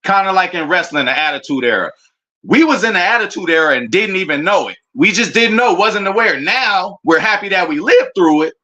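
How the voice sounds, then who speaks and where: A man streaming a casual, excitable reaction to his football team's draft picks, full of slang and talking straight to his chat. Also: high-pitched, brisk. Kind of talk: casual live reaction commentary.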